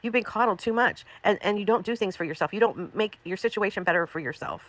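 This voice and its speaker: Give me a woman streamer delivering a profane, scolding rant at a quick clip. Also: mid-range voice, fairly bright tone, no echo. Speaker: livestreamer. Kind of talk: angry ranting livestream.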